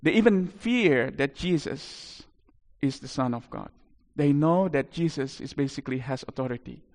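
A man preaching a sermon, telling a story animatedly with big swings in loudness. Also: mid-range voice, expressive, normal speed, long reverb tail.

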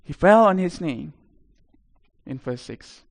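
A man preaching a sermon, telling a story animatedly with big swings in loudness. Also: a little high, animated, slow pace, vocal fry, big-room sound.

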